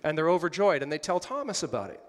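A man's voice: on the high side, very animated, fast. Man preaching in a reverberant hall. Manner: conversational, questioning the congregation, with light humor. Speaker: pastor. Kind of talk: sermon.

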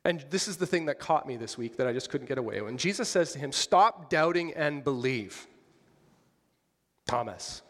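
A man's voice: mid-range voice, lively intonation, fast talker, few pauses, in a large hall. A man preaching a conversational sermon, asking the congregation questions and joking lightly. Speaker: pastor.

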